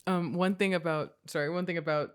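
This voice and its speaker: A woman's voice: on the low side, brisk, clean tone. A woman co-hosting a casual movie podcast, retelling scenes animatedly and swearing freely. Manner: animated retelling, swearing, laughing through lines. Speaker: podcast co-host.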